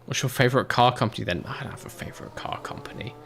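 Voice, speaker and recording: A man's voice: medium pitch, fast, vocal fry, fairly bright tone, a little hiss or hum. A young British man casually commentating a racing manager game, chatting and answering chat in a rambling, swearing way. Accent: British English. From Britain.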